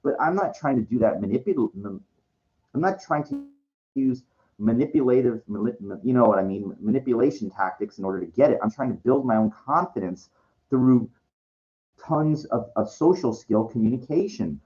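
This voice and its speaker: A man's voice: mid-range voice, animated, normal speed, a little mellow, lo-fi sound. A man rambling in a frustrated monologue vlog, repeating himself and restarting his sentences. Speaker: vlogger.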